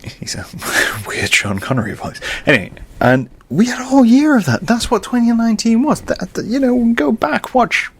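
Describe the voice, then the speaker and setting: A young man hosting a podcast, ranting casually and swinging from low muttering to loud exasperated outbursts. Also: big pitch swings, moderate pace, husky. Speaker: podcast host.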